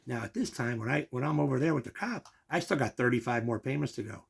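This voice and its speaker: A man's voice: mid-range voice, expressive, fast talker, vocal fry, husky. An older man, telling a long personal story and acting out the quoted voices.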